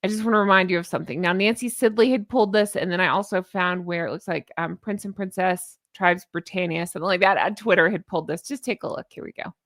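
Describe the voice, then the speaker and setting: A woman's voice: lowish voice, quick pace, few pauses, fairly bright tone, dry recording, studio quality. A woman giving casual, sarcastic reaction commentary in a chatty vlog, laughing often. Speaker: commentary vlogger.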